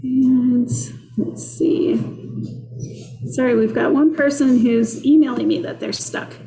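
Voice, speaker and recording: A woman's voice: sits high, fairly even intonation, slow, creaky, mellow, echoey room, soft background music. A woman with a Minnesota accent teaching a live online cooking class from her kitchen, chatty and upbeat as she greets viewers. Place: kitchen workspace.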